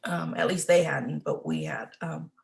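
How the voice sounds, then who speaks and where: A middle-aged woman giving a halting, emotional personal account as an interview guest, with many restarts. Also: low-pitched, sing-song, gravelly. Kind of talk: personal testimony.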